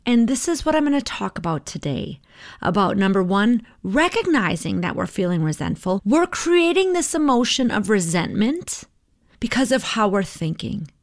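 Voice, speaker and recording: A middle-aged woman talks through her coaching ideas in a relaxed podcast monologue. Her manner is conversational and reflective, and she checks in with listeners as she goes. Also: mid-range voice, moderate pace, no room sound, clean studio sound. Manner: conversational, reflective, tags with "right?".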